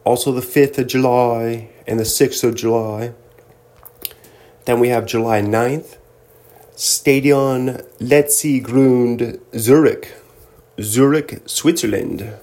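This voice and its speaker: A man from Southern California hosts a casual video chat with a playful, joking manner. He speaks slowly and easily, at an ordinary pitch. His tone stays relaxed and loose throughout. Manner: playful, jokey and laid-back. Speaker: host.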